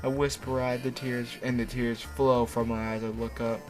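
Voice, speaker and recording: A young man hams his way through a cringy fan fiction, reading it with mock drama and stopping to swear and joke about it. His voice sits at an ordinary middle pitch, and faint music runs underneath. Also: level tone, normal speed. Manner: mock-dramatic reading broken by crude, joking asides. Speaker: host reading fanfic aloud. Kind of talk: comedic dramatic reading with commentary.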